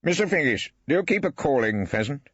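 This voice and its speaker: An actor playing an elderly barrister in an audiobook, questioning with arch, ironic politeness. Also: male voice, a little high, sing-song, fairly quick, fairly bright tone, breathy edge, dry recording, voice pushed up, heavily acted. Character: wry elderly male barrister, mock-polite. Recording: dry, slightly dull studio.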